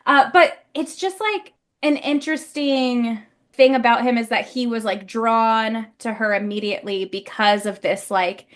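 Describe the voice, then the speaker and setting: Podcast co-host, woman, enthusiastic and casual, lots of "like", a bit high-pitched. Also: a little slow. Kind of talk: casual chat.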